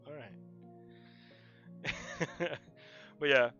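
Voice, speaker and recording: A man's voice: mid-range voice, measured pace, highs cut off, over music. A man chatting casually and rambling while drawing on a livestream, laughing often. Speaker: livestreaming digital artist.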